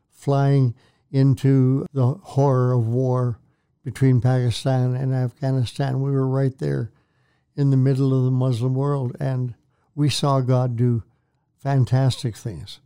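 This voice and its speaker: An older man, a minister, shares his faith testimony in a Christian talk show interview. His medium-pitched voice is dark and smooth, and he speaks earnestly and preacherly, repeating phrases for emphasis.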